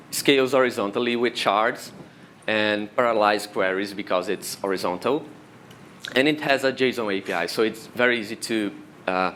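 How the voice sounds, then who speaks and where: A man's voice: lowish voice, slight background noise. A man from Brazil with a Brazilian accent and Portuguese as his first language, giving a technical conference talk that walks step by step through how things work. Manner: explanatory, steady walk-through of technical steps. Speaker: conference speaker. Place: conference room.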